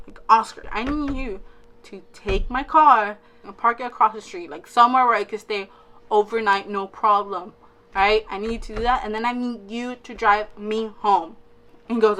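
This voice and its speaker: A young woman vlogger casually telling a storytime, acting out what she and her friends said and checking in with "all right?" as she goes. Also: a little high. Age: young adult. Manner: animated, acts out quotes of herself and friends; fillers and restarts, frequent "all right?" asides.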